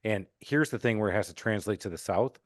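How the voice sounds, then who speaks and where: A man from Michigan hosting a casual podcast chat, joking and telling stories in an animated way. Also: fairly low pitch, brisk, no room sound, studio quality. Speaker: podcast host.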